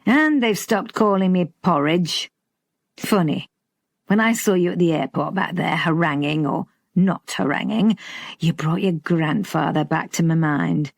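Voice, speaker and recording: A blunt older Yorkshire man who teases and speaks plainly, put on by a woman reading the story. The delivery is slow and a little husky. It sounds close and dry. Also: lowish voice, no echo. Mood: teasing. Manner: bluff, teasing, plain-spoken.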